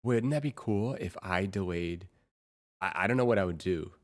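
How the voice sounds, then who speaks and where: A young adult woman livestreaming in casual chat, excitable and quick to repeat herself in bursts. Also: rumbling low.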